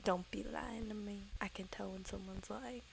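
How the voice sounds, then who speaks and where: A woman's voice: mid-range voice, steady tone, normal speed, gravelly, slight background noise, low-quality recording. A woman voicing an old, boastful male ghost who speaks of himself in the third person, drawling and half-whispered.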